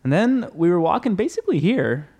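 A man's voice: high voice, brisk, slightly rough. A man in his early thirties telling a funny story as a podcast guest in casual chat. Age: 30s. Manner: storytelling, animated, jokey.

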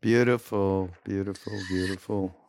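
A man hosting a podcast, chatting in a warmly appreciative way. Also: sits low, fairly even intonation, unhurried, dry recording. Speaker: podcast host. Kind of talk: casual chat.

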